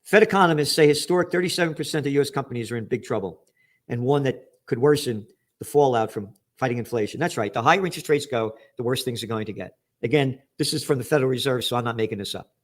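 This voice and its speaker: A man forecasting trends in an angry, profane, sarcastic rant, reading news headlines and jumping between shouted outbursts and low muttered asides. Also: quick pace. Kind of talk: ranting news commentary.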